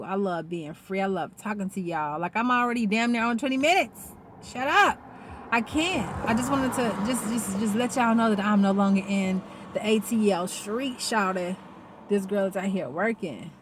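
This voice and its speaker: A woman talking casually in a vlog, rambling and animated and swearing freely. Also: mid-range voice, slight background noise. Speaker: vlogger. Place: outdoors.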